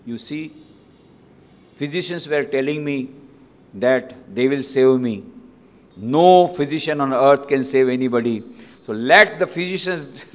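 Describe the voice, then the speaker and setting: A man's voice: medium pitch, unhurried, long pauses, natural voice. A man voicing a dying, resigned emperor who speaks in a subdued, solemn way. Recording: long reverb in a lecture hall.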